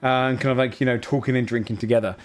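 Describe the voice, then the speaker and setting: A man's voice: mid-range voice, steady tone, very fast, darkish tone. A man narrating a tabletop game as game master, loose and hesitant, full of fillers.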